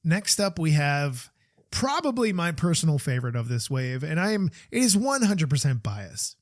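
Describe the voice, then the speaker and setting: Chatty man hosting a podcast, slightly high voice. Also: sing-song, moderate pace, no room sound, studio quality. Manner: chatty, candid opinions with frequent fillers and restarts. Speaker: podcast host. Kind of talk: casual podcast commentary.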